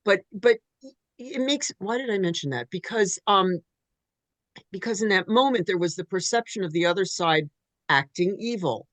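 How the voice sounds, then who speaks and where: A woman's voice: mid-range voice, normal speed, no echo. Rambling woman in casual discussion. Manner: rambling, animated retelling.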